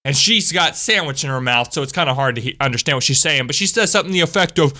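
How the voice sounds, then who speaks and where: A woman telling a story from school in a chatty, animated way, with frequent asides to her viewers. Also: low voice, fast, hardly any pauses. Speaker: channel host. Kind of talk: storytime vlog.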